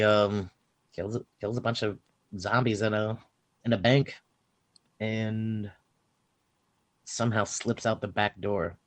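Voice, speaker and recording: A man co-hosting a casual podcast, retelling a film scene by scene with swearing and bursts of acted-out lines. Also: lowish voice. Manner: animated storytelling, swearing, acting out lines. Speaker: podcast co-host recapping a film. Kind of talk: casual chat.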